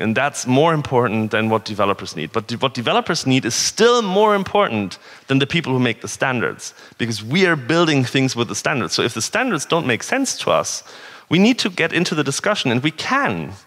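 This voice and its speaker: A man's voice: mid-range voice, big pitch swings, fairly quick, a bit bright. A man from northern Germany giving a conversational, earnest conference talk with rhetorical questions. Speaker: conference speaker. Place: conference hall. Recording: reverberant hall.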